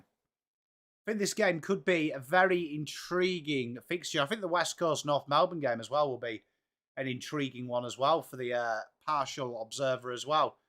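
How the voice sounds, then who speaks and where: A man's voice: on the high side, pushed and bright. An English man hosting a live football watchalong stream, chatting casually and greeting viewers by name in an upbeat way. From England. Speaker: livestream host of a football watchalong.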